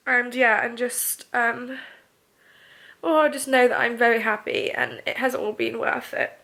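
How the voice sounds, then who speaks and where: Bright-voiced young woman, congested. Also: fairly high pitch. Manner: chatty and emotional, lots of "like". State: congested, nasal after surgery. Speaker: vlogger. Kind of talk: casual video diary.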